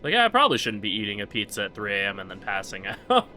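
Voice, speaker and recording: A man's voice: on the low side, huge pitch swings, fast talker, sharp tone, a little hiss or hum. A man casually commenting on his live-streamed game speedrun, rambling with lots of fillers.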